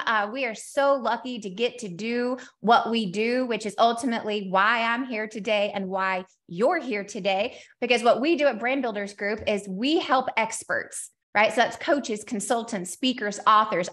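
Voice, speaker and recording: Energetic woman giving a webinar talk. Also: fairly high pitch. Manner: energetic, storytelling, laughs often. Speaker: keynote speaker and company CEO. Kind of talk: webinar presentation with slides.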